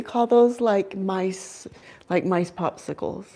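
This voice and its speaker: A woman's voice: mid-range voice, measured pace, a little mellow. Chatty young woman hosting a livestream. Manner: chatty, giggly, with many "like" fillers. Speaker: owl keeper and channel host. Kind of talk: casual livestream chat.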